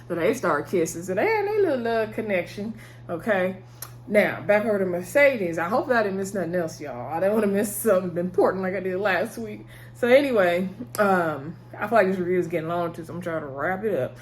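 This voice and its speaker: A woman's voice: medium pitch, lively intonation, a little fast, a little hiss or hum. A woman giving a casual TV episode recap from a table, talking with her hands, chatty, retelling scenes and calling viewers y'all. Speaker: TV episode reviewer. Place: indoors at a table.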